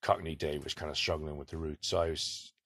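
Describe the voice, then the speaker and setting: Deep-voiced man telling rambling stories. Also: steady tone, fairly quick, a bit bright, dry recording, clean studio sound. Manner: rambling, laughs between stories. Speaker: bus driver. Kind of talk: casual anecdotal storytelling.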